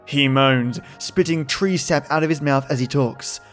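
A man narrating a first-person horror story from a script, measured and tense. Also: mid-range voice, fairly bright tone, faint music behind.

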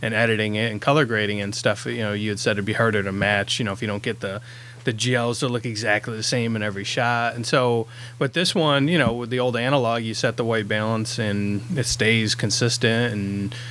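A man's voice: lowish voice, steady tone, fairly quick, fairly bright tone, slight background noise. A man who directs independent films, talking in a casual podcast chat, rambling with lots of fillers and restarts.

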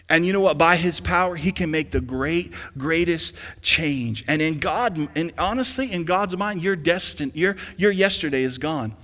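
A young man preaching a sermon as pastor in a church, emphatic and rising to loud peaks, with an easy storytelling manner. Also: a little high, normal speed. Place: church sanctuary. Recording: long hall reverb.

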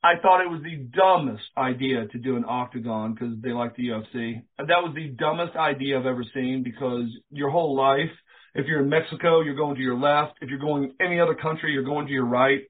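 Animated male storyteller on a tinny line. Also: mid-range voice, brisk. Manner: animated storyteller, acts out quoted dialogue, swears casually. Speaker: interview guest, former pro wrestler. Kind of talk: casual storytelling interview.

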